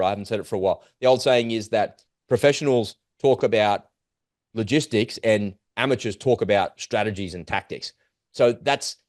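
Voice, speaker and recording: Man, talk-show host, animated commentary, rhetorical questions, mid pitch, dry close recording. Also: no echo. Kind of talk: unscripted commentary monologue. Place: at home in Australia.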